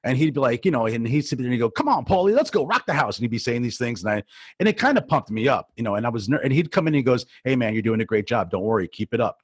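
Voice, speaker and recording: A man's voice: medium pitch, no room sound. A middle-aged man from New Jersey, co-hosting a podcast and telling a rambling story full of fillers and restarts. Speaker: podcast co-host, DJ. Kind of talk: casual storytelling.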